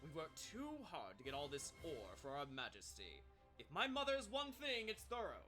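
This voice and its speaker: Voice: mid-range voice, sing-song, normal speed, music in the background, lightly acted. A game master voicing a smug royal prince who barks orders at his soldiers in a raised, strained voice. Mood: commanding. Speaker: in-game character.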